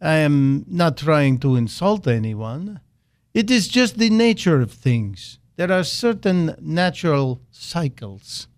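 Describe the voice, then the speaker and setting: A blunt, gruff strongman in a hammy mock-Russian accent, as a man puts him on. His voice sits a little high and the delivery is slow and deliberate. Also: big pitch swings, no room sound, studio quality. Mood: smug.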